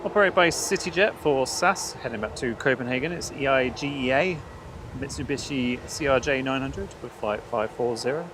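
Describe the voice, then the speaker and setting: Co-host: a relaxed man with a mid-pitched voice, reading out plane details over loud outdoor noise. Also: normal speed. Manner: relaxed, jokey, identifies aircraft in detail. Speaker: live stream co-host. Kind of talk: casual plane-spotting commentary. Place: outdoors by an airport. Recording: outdoor noise behind, aircraft and traffic.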